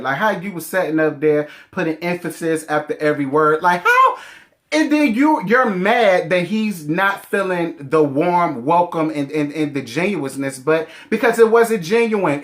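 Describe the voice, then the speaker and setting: A man in his thirties with a sassy, animated manner and heavy slang, reviewing a reality show in casual chat. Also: fairly high pitch.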